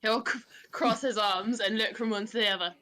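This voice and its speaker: A woman's voice: on the high side, steady tone, brisk, sharp tone. A woman playing a tabletop game, chatty and giggly. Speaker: player.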